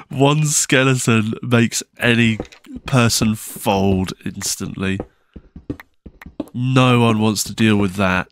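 A man's voice: on the low side, slow pace, slight background noise. A man giving casual, nervous commentary while playing a video game, with frequent startled exclamations and self-mocking asides. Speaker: gaming channel host.

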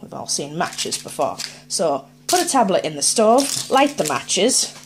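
A woman's voice: on the low side, big pitch swings, measured pace, background noise. A woman, chatting casually as she unboxes items on her vlog and thinks aloud in a playful way. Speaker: unboxing vlogger.

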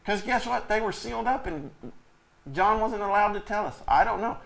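High, bright-voiced preaching man. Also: moderate pace, gravelly. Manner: emphatic, talks directly to the congregation; reads scripture aloud in King James wording. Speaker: pastor. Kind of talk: sermon.

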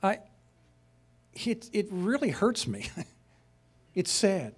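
A man's voice: high voice, big pitch swings, takes it slowly, slightly rough. A man teaching a sermon-style lesson, conversational and passionate, rising to emphatic peaks. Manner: conversational asides, chuckles.

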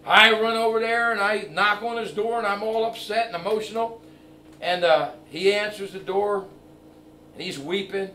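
A middle-aged man preaching a sermon, his voice set a bit high. He moves from quiet storytelling to emphatic, raised preaching. The recording picks him up from far off in an echoey church, with a faint hiss behind him. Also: fairly even intonation, normal speed. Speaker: evangelist.

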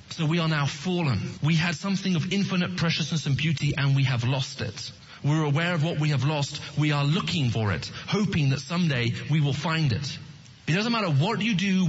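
A man's voice: a little high, breathy edge, lo-fi sound. A man giving an earnest evangelistic talk to an audience, often asking them questions. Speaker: Christian apologetics speaker.

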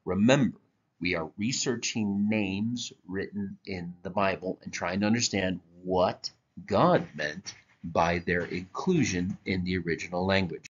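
Male church teacher, low voice, unhurried, walks through slides step by step. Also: fairly even intonation. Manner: slow, deliberate explaining with halting restarts. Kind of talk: slide-based Bible lesson. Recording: dull lo-fi recording.

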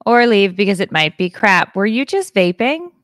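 A woman's voice: medium pitch, sing-song, normal speed, fairly bright tone, no echo, studio quality. A woman co-hosting a podcast at home, chatting casually in a rambling way with crude jokes. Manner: rambling, laughing, crude joking. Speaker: podcast co-host. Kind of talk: casual chat. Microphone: podcast microphone.

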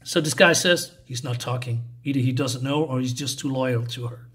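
A man's voice: mid-range voice, moderate pace, fairly bright tone. A man giving a casual comic book review, reading panels aloud, rambling with many fillers and restarts, enthusiastic about the artwork.

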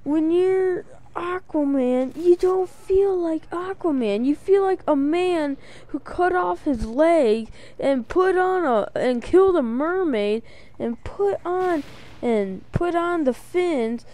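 Female gamer commentator, high-pitched, rambling and jokey with sudden excited spikes. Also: slow pace. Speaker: let's play commentator. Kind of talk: casual gameplay commentary.

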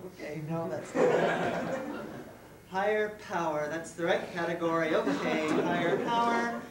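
Heard through a distant mic in an echoey live room with background noise, a woman performs a solo theater piece. In a fairly low, lightly acted voice at a slightly slow pace, she plays a flustered, giggly goddess-in-training chatting with the audience.

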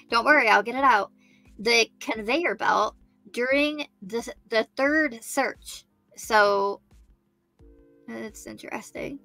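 A woman hosting a true crime livestream, reading a news story aloud, thinking out loud and chatting with her viewers by name. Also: fairly high pitch, slow, gravelly, pauses often, no echo, soft background music. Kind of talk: live-stream chat, reading news aloud.

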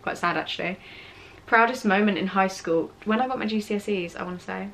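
Young British woman, late teens, casual vlogger answering questions; chatty, self-mocking, mid-pitched voice. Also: fairly quick, fairly bright tone, slight background noise. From England. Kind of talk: casual Q&A chat. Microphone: camera on tripod with ring light.

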